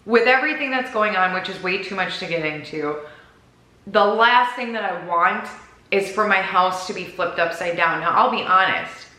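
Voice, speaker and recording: A woman's voice: lowish voice, moderate pace, bright, forceful tone, roomy sound, poor audio. A woman from Minnesota with a Minnesota accent, chatting and rambling to camera in a vlog, giggling at herself. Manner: rambling, giggly, self-deprecating. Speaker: vlogger.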